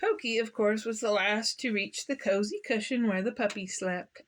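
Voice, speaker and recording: A woman's voice: medium pitch, normal speed, a little hiss or hum. A woman reading a children's picture book aloud, playful and asking the listener questions. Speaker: children's story reader.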